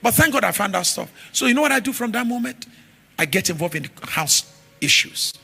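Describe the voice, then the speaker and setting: A man preaching a sermon, telling stories with animated shifts from shouts to murmurs. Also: very high-pitched, fairly quick, creaky, slightly rough, faint music behind. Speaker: pastor.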